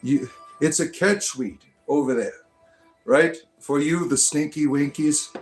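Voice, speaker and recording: A man's voice: a little high, measured pace, faint music behind. A man hosting a live stream, reading viewers' comments aloud in a casual, rambling and joking way, with many restarts, from the United States. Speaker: livestream host reading chat comments.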